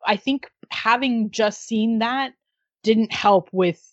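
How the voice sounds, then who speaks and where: A woman in a laid-back podcast conversation, agreeable and easygoing, often chiming in with quick short replies. Her voice comes through dry and a bit muffled, on a lo-fi recording. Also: on the high side, no room sound. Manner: relaxed, agreeable, many short backchannels. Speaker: podcast co-host. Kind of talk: casual chat about a TV series. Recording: dull lo-fi dry sound.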